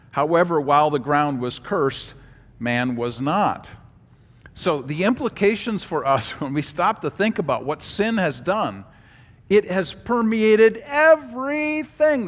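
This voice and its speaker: Man, bible class lecture, slightly high voice, animated and emphatic, long hall echo. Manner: animated, emphatic, joking asides. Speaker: Bible teacher.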